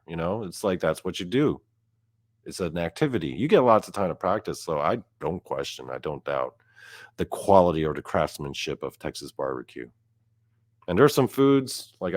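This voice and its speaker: A man's voice: low voice, dry recording, clean studio sound. A young man from South Korea doing a profane, mock-boastful stand-up rant, quoting his friends in asides. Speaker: comedian.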